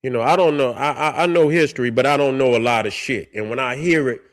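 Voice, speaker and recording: Talking fast at a medium pitch, this commentary vlog host rants with real heat and swears often. He stumbles over his words and reads case histories aloud between the outbursts.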